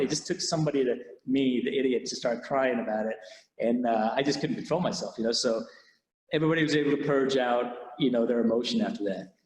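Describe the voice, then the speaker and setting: A police officer recounting a personal experience in an interview, candid and halting, with many restarts. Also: male voice, medium pitch. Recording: echoey room with long reverb.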